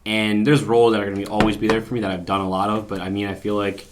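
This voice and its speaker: A man's voice: lowish voice, little pitch movement, rapid-fire, noisy background. A man with a Philadelphia accent, an actor guest on a podcast, chatting easily and laughing often. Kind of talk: casual chat.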